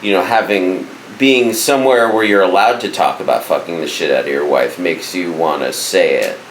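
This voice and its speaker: A man with a very low voice co-hosts a podcast in casual chat, halting and restarting as he searches for words. His voice rings in a roomy space with a faint hiss behind it. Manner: hesitant, halting, many restarts. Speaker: podcast co-host.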